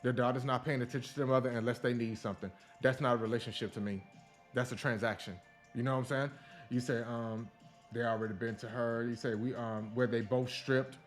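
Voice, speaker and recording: A man's voice: medium pitch, fairly quick. Male podcast host, blunt, profane, ranting commentary, faint background music. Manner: blunt, profane, animated rants. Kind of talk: casual opinion commentary.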